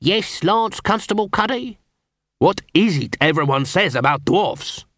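A man reading an audiobook, voicing a blunt, literal-minded male dwarf recruit who speaks flatly and matter-of-factly. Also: high voice, unhurried, no echo, studio quality, pitched above the performer's own voice. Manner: flat, matter-of-fact, unimpressed.

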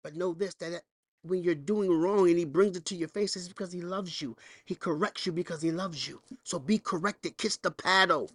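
A man's voice: high-pitched, normal speed, a bit bright, husky, no echo. Emphatic male preacher, dry sound. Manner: emphatic preaching with folksy asides and rhetorical questions. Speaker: pastor. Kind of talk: sermon.

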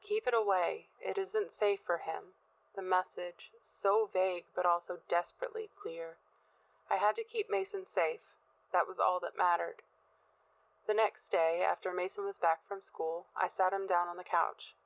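A woman narrating a first-person horror story in a measured, tense manner. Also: fairly low pitch, fairly even intonation, dry recording. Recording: dull, dry, lo-fi sound.

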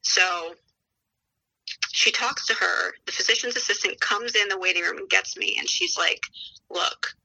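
A woman's voice: medium pitch, normal speed, creaky, pushed and bright, rough recording. A woman in her thirties, a podcast guest, telling her story in a chatty, casual way and acting out what others said to her. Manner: chatty, retells dialogue with many "she's like".

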